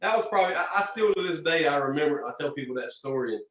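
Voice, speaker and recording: A young man, a racer guest telling animated stories in a casual interview. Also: a little high, rapid-fire. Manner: animated storyteller, frequent restarts and "man". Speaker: drag racer and podcast guest. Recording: distant, roomy, dull lo-fi sound.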